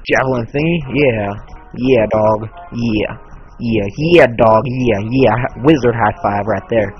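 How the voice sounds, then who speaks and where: A man giving excitable, trash-talking commentary while playing a video game, squealing high when his side gets hit. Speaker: let's play gamer. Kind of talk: casual gameplay commentary. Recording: dull lo-fi with faint game music.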